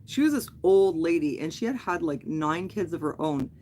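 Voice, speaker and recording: A woman's voice: on the low side, lively intonation, moderate pace, a little mellow, a little hiss or hum. A middle-aged woman hosting a livestream, telling a long story in a casual, rambling way, full of fillers and self-corrections. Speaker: livestream host.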